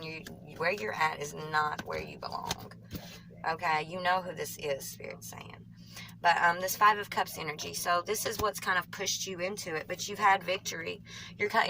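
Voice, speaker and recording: A woman with a Southern US country twang, reading tarot cards for viewers in a fast, rambling way, often correcting herself mid-sentence. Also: fairly low pitch, background noise. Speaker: tarot reader.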